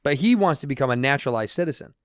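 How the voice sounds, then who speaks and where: A goofy man co-hosts a casual podcast and rambles playfully through an ad read. His voice is smooth and clear, recorded dry and close to the mic. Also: medium pitch, expressive, rapid-fire, no room sound. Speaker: podcast co-host.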